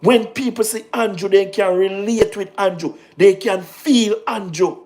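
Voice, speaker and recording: Jamaican man, high register, animated political livestream host, repeats himself, patois mixed in. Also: a little slow, background noise. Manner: animated, repetitive, talks in patois with laughs. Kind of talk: casual political livestream commentary.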